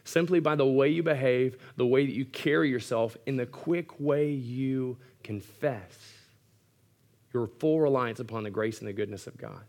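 A man's voice: medium pitch, darkish tone. Earnest male pastor preaching. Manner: earnest preaching with wry asides. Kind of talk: sermon.

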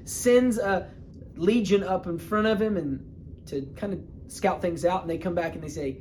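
A man preaching a sermon, retelling a Bible story in a casual, humorous way with quick bursts of speech. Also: high-pitched, a little mellow, slight background noise.

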